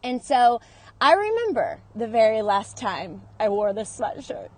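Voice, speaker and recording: A woman's voice: a little high, sing-song, unhurried, a little mellow, dry recording. A woman sharing a personal story in a confessional vlog, earnest and openly emotional, talking into her phone in and around her car. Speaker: vlogger.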